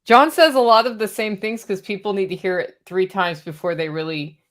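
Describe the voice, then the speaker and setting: A woman's voice: mid-range voice, fairly quick. A woman co-hosting a casual podcast, friendly and encouraging.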